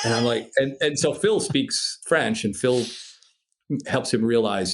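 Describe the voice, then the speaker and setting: Animated, swearing storyteller man. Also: mid-range voice, moderate pace. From Minnesota, USA. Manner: animated, swears freely, imitates sounds. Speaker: podcast guest, paraglider pilot. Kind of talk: casual storytelling.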